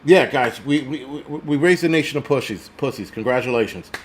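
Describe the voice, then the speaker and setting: A man's voice: medium pitch, lively intonation, fairly quick. A man in his forties hosting a casual livestream, ranting bluntly and profanely and reading out viewer comments. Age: 40s. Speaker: host.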